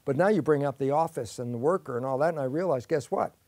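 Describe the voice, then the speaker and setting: A man's voice: medium pitch, fast, no echo. A man being interviewed as a guest scientist, explaining at length and acting out both sides of imagined conversations. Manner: lively, acts out both sides of imagined dialogues.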